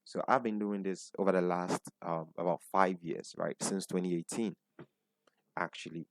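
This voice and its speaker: A man's voice: low-pitched, steady tone, normal speed, dry recording. A man with a Ghanaian accent teaching an online webinar as a business coach, repeating his points and asking the audience questions. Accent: Ghanaian English. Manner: repeats points, asks the audience, frequent "right?" tags.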